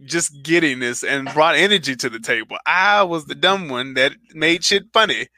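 A man's voice: on the high side, normal speed, bright, forceful tone, slight background noise. A man co-hosting a podcast, telling stories in a boisterous, profane, casual way. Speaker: podcast co-host.

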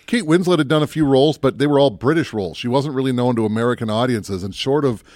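Talking fast in a darkish, mid-range voice, this man co-hosts a casual movie podcast, rambling and thinking out loud while regularly cutting off his own sentences. The recording is dry and studio quality.

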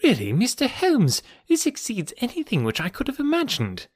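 A man reading aloud and voicing an excitable, earnest country doctor in a raised, eager voice. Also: moderate pace, no echo, studio quality. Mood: amazed. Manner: eager, astonished, higher and brighter than the narration.

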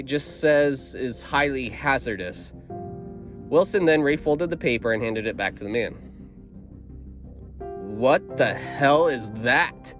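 A man narrates a first-person story in a steady, measured reading voice. His pitch sits at an ordinary middle for a man, even and unhurried.

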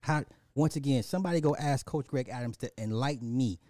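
A man's voice: medium pitch, fairly quick, dark tone, no echo, studio quality. A man hosting a casual livestream, ranting profanely and animatedly, laughing and talking to his chat. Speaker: livestream host.

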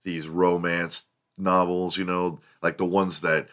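A man hosting a morning show, telling long casual stories with lots of swearing and excited jumps in his voice. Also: takes it slowly. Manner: profane, animated storyteller with big pitch jumps. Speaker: host. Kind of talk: casual storytelling monologue.

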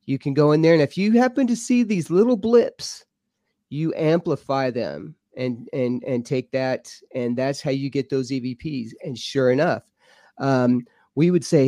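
A man, a paranormal researcher, telling his experiences as a podcast guest in an excitable, rambling way. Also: mid-range voice, moderate pace, no room sound, clean studio sound. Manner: excitable, rambling, repeats himself. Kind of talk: animated storytelling. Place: home studio.

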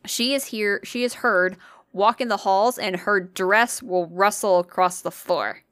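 A woman's voice: mid-range voice, measured pace, fairly bright tone, no room sound, studio quality. A young woman co-hosting a casual podcast, telling ghost stories in a chatty way, swearing and laughing often. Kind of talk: casual chat.

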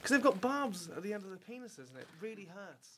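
A man on a podcast who joins the chat in an excitable, animated way. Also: high voice, quick pace. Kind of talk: casual chat.

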